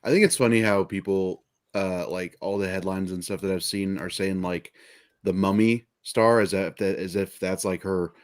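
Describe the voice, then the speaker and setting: A laid-back male co-host in casual chat whose sentences are full of fillers. His voice sits fairly low for a man. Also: steady tone, moderate pace. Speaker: podcast co-host.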